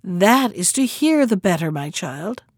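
A woman voicing a sly, wicked, hungry wolf in a storybook reading, sometimes softening her voice. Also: medium pitch, sing-song, measured pace, breathy edge, dry recording, clean studio sound, exaggerated voice.

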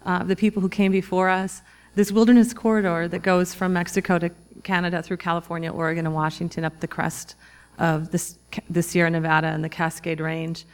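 Woman, forties, low-ish gravelly voice, reflective halting storytelling, live talk. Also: level tone. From Minnesota, US. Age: 40s. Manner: reflective, halting, with many restarts and fillers. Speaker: author giving a talk. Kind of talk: personal storytelling to a live audience.

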